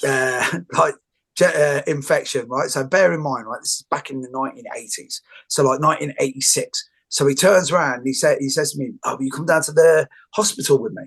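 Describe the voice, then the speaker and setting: Gravelly man telling a rambling joke. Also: a little high. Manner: rambling storyteller, jokey asides. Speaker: interviewer. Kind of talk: casual chat.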